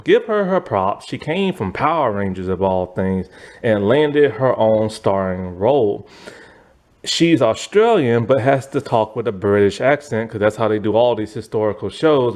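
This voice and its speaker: Dude rambling about a tv show, voice swings up and down a lot, tons of "like" and "you know". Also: male voice, moderate pace. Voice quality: chatty, filler-heavy, meandering, with "like" and "you know". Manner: animated, swooping pitch. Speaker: TV review vlogger. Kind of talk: casual chat.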